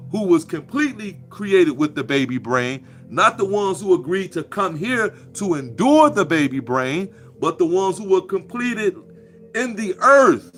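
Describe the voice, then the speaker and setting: A man talks in a profane, mocking, preachy ramble. His voice sits a little higher than most men's. Faint music plays behind him. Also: a bit bright. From Chicago. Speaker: commentator. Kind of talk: casual monologue.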